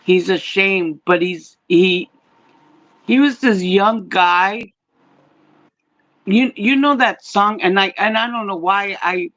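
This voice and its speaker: Slow, halting older woman medium. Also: mid-range voice, a bit bright, highs cut off. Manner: halting, stumbling restarts. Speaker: psychic medium. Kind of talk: psychic reading on a livestream.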